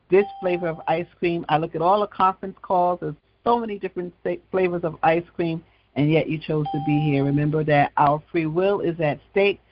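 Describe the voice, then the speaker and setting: Slow, gravelly male talk host. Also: a little high, no echo, dull audio. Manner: conversational storytelling, frequent asides. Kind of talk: gospel talk show monologue.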